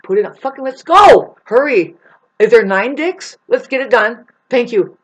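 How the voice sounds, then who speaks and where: A speaker mimicking crude, greedy teenage boys who rush to make quick money. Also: medium pitch, highs cut off, voice pushed up. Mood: greedy, hyped. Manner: crude, hurried, excited.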